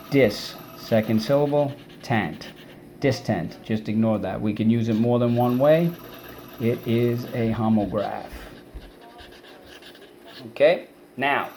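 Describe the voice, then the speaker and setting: A man's voice: fairly low pitch, warm tone, slight background noise. Man drilling spelling words aloud. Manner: call-and-response drilling, repeating words syllable by syllable. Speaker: teacher. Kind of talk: spelling and vocabulary lesson.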